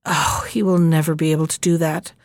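A woman's voice: deep voice, flat delivery, brisk, darkish tone, dry recording, studio quality, voice pushed down, close to an everyday voice. A woman voicing a poor, worried old woman in a storybook reading, with an anxious manner. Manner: anxious, pleading.

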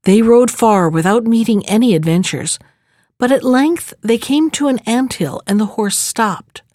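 A woman reading a fairy tale aloud in a measured, expressive storybook narration. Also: a little high, no room sound, studio quality.

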